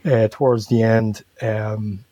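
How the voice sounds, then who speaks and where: A man's voice: on the low side, flat delivery, takes it slowly, warm tone, no room sound. A man talking as a guest on a podcast in a casual, rambling way, often correcting himself and chuckling.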